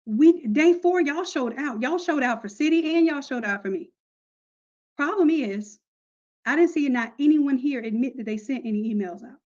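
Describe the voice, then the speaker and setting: A woman with a high voice leads a live online class in a loose, chatty way, full of slang and direct asides to her students. Her tone stays upbeat and informal. The audio sounds a little muffled and lo-fi. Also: moderate pace, darkish tone. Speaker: online course instructor. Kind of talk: casual live class talk.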